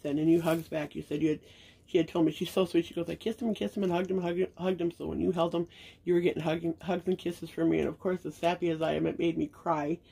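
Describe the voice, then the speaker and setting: Talking at a quick pace with fairly even intonation, this woman has a lowish, gravelly, husky voice with a dark tone. She's a middle-aged reborn doll collector and channel host, showing baby clothes to viewers in a casual unboxing chat, sentimental and gushing and full of fillers.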